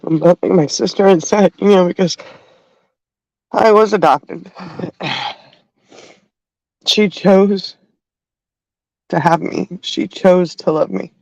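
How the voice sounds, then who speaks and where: A middle-aged woman hosting a livestream, talking in a halting, heartfelt way and crying at times. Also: on the low side, a little mellow, dry recording, poor audio. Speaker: livestream host. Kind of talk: emotional livestream talk.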